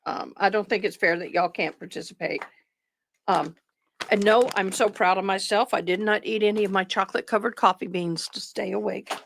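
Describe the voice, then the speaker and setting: A woman's voice: medium pitch, steady tone, fairly quick, creaky, slight background noise. A tired woman hosting a livestream, chatting casually and rambling with her viewers. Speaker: livestream host. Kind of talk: casual chat with live viewers.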